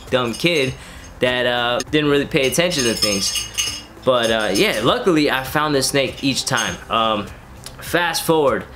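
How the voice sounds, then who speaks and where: A man's voice: medium pitch, fairly bright tone. Laid-back man telling a story. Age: 30s. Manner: rambling, filler-heavy, laid-back slang. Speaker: reptile keeper and vlogger. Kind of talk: casual storytelling.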